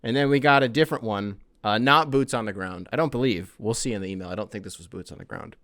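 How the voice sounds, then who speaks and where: A man's voice: lowish voice, fast talker, dry recording. A man hosting a casual podcast, reading listener emails aloud and joking around with frequent laughs. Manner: animated, joking, often laughing, swearing. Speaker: podcast host.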